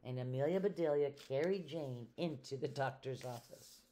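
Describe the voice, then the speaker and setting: An older woman, a retired teacher, reading a children's book aloud at a slow, clear storytelling pace. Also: extremely low pitch, mellow, slight background noise. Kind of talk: children's read-aloud narration.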